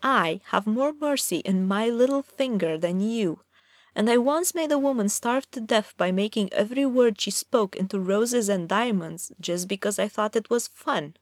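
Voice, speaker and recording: A woman's voice: expressive, normal speed, dry recording, studio quality, natural voice. A woman voicing a sly, menacing male trickster god who mocks and threatens in a storybook reading. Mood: scornful. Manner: mocking, amiable then low and dangerous.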